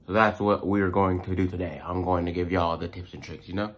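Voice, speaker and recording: A man's voice: deep voice, flat delivery, fairly quick. A young American man giving casual language-learning tips in a rambling vlog, full of fillers and restarts. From United States.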